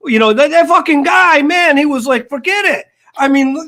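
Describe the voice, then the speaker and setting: A man's voice: very high-pitched, expressive, normal speed, bright, forceful tone. An older man co-hosting a casual sports talk show, telling rambling stories and acting out quoted dialogue. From United States. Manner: storytelling, acts out quoted dialogue. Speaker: podcast co-host. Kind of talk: casual chat.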